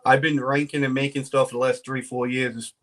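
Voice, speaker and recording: A man guesting on a casual podcast, talking about his breeding plans in a relaxed, rambling way with lots of fillers and laughs. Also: mid-range voice, fairly quick, a little hiss or hum. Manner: laid-back, laughs often, many fillers.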